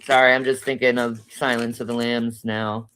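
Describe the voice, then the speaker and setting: A woman's voice: very deep voice, little pitch movement, moderate pace, fairly bright tone, slight background noise. A woman co-hosting a casual chat, talking bluntly and swearing often. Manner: profane, blunt. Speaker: co-host.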